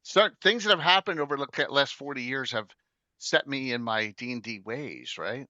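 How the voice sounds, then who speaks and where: A man's voice: medium pitch, expressive, normal speed, bright, forceful tone, no room sound, lo-fi sound. A middle-aged man hosting a casual tabletop gaming chat, rambling with many fillers and restarts. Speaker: podcast host.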